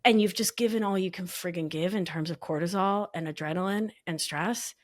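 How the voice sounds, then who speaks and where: A woman with a New York accent in a casual podcast conversation, animated and jokey as she talks. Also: on the low side, fairly quick.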